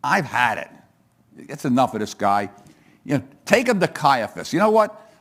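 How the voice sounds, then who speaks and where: A man doing a fed-up high priest. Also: very animated, moderate pace, fairly bright tone. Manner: fed-up, dismissive. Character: exasperated older male high priest.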